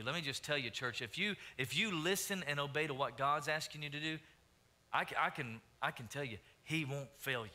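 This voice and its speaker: A man's voice: a little high, brisk. A man preaching a sermon as pastor, repeating phrases and calling out questions to the congregation. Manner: preaching, rising to loud emphatic calls; repeats and restarts phrases, asks the crowd questions.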